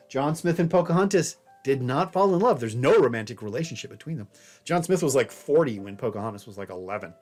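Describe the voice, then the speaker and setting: Wry man lecturing over soft piano. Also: fairly high pitch, slightly rough. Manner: wry, conversational storyteller. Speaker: history professor. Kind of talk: recorded lecture. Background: faint jazz piano.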